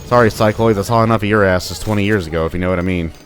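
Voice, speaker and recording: A young man with a fairly low voice gives chatty, joking commentary over his gameplay, bantering with enemies as he goes. Soft game music sits behind him. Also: very fast. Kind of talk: casual let's-play commentary.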